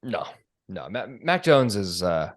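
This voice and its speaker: A man's voice: low voice, big pitch swings, a little slow, no room sound, clean studio sound. Laid-back hesitant male podcast co-host. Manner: hesitant, filler-heavy, laughs along. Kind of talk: casual sports chat.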